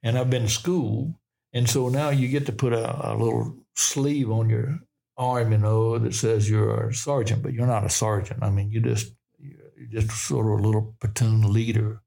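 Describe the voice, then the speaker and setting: A man's voice: on the low side, fairly even intonation, moderate pace, vocal fry, warm tone. An older man with a Southern US accent, telling folksy, rambling stories of his past as a podcast guest. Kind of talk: storytelling in a podcast interview.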